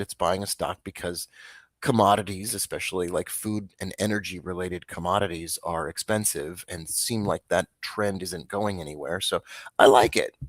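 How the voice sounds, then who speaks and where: Man, very low voice, casual market commentary, rambling, dry close sound. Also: no room sound. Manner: rambling, self-interrupting, offhand; dry, flat disclaimer tone. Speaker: stock market show host.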